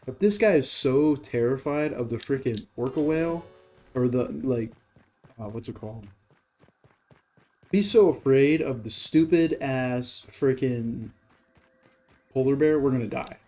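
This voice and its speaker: Dark-voiced man telling a rambling story. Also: mid-range voice. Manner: rambling, profane, heavy on fillers and rhetorical questions. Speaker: gaming channel host. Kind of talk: casual storytelling while playing a game.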